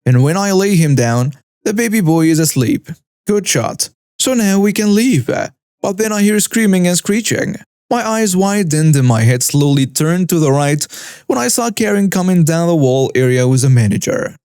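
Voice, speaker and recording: A man reading a first-person story aloud in a steady, scripted narration. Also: high-pitched, moderate pace, clean tone, no room sound, studio quality.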